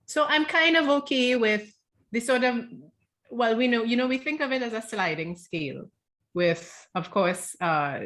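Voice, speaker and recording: A woman's voice: lowish voice, a bit bright. A woman from South Trinidad with a Trinidadian accent, an author talking casually and animatedly, often restarting and repeating words. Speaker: author guest. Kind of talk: casual conversation.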